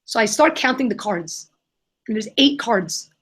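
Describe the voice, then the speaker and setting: A young adult woman answering questions in a live Q&A, telling an animated story and acting out the voices of the people in it. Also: on the high side, unhurried, breathy edge. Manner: animated, acts out quoted voices. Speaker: guest, kindness nonprofit founder.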